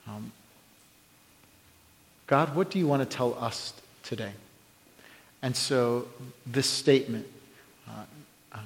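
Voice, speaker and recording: Animated man preaching in an echoing hall. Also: mid-range voice. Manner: animated storyteller, many restarts, shouted sound effects. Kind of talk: sermon storytelling. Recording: long hall reverb.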